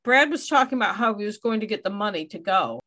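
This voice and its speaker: Woman, true crime podcast host, steady narration, wry asides, middle pitch. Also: fast talker. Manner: reads case details with wry asides.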